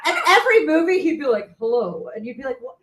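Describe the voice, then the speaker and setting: A woman's voice: sits high, sing-song, very fast, echoey room, crowd noise. A woman riffing and mocking in a casual comedy podcast chat.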